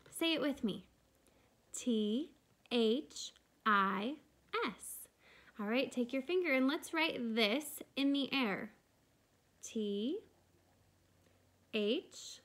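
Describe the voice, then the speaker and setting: A woman kindergarten teacher talks through a video lesson for small children, with a fairly high voice. She speaks slowly and clearly, encouraging her young listeners at every step. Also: fairly bright tone.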